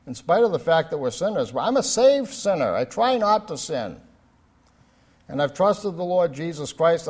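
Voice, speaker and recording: An older man preaching an earnest sermon. His voice is fairly high for a man, and he repeats phrases, then climbs to loud, emphatic declarations.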